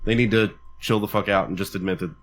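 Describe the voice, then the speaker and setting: A man's voice: on the low side, expressive, quick pace, creaky. A man hosting a casual podcast chat, talking animatedly and swearing a lot.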